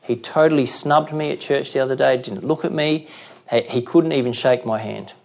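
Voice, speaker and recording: A man doing a hushed, aggrieved churchgoer. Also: mid-range voice, normal speed, creaky, lightly acted. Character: offended churchgoer gossiping in a hushed voice.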